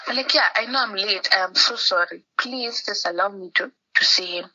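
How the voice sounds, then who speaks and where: A Kenyan woman tells a story on a phone call and acts out everyone she quotes, with Swahili words slipping in. Her voice is very bright and sharp, and it sounds a little muffled through the line. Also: mid-range voice, fairly quick. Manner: animated storytelling, acting out the people she quotes. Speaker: podcast guest. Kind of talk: casual chat over a phone call.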